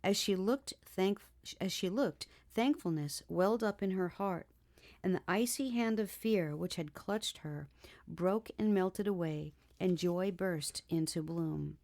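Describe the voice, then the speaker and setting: A woman narrating an audiobook in a measured, expressive reading. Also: on the low side.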